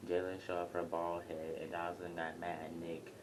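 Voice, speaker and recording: A man's voice: completely flat delivery, normal speed. A young man casually reviewing a reality show, talking in a rambling, blunt, chatty way from his home near an airport. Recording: faint airplane rumble behind.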